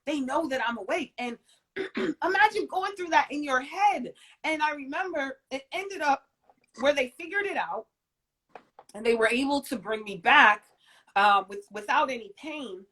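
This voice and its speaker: A woman in her forties tells a story from her own life as a guest in an interview. Her telling is emphatic and expressive, and it moves from loud bursts to soft, hushed asides. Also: sits high, moderate pace.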